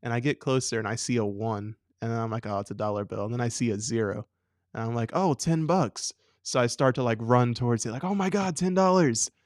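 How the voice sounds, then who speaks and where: A young man co-hosting a talk show, animated and playful, acting out voices as he tells a story. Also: medium pitch, fast talker, clear, resonant tone, no room sound, clean studio sound. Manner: acts out voices, laughs often. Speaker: radio show co-host. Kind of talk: casual chat, animated storytelling.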